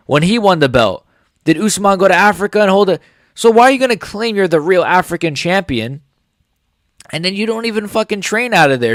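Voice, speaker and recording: A man's voice: sits high, no echo, clean studio sound. A man hosting a casual MMA commentary channel, blunt and opinionated, swearing as he reacts to clips and comments. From United States.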